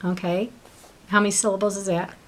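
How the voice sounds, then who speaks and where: A woman's voice: mid-range voice, level tone, fairly quick, slight background noise. Brief: woman teacher, patient, one-on-one tutoring, prompts with questions. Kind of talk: one-on-one reading lesson.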